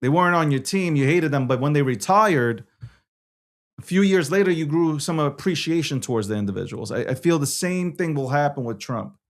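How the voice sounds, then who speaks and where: A man from New York City hosting a show, giving opinionated political commentary with emphatic repetition and swings between loud and soft. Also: fairly high pitch, animated, brisk. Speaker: show host.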